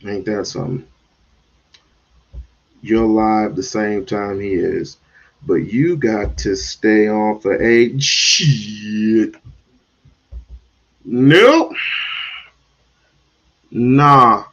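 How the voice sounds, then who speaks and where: A man's voice: lowish voice, drawn-out words, long pauses, a bit bright. Male stream host, blunt and drawling, talks to chat at a crawl; muffled lo-fi sound. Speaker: livestream host. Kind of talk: livestream commentary.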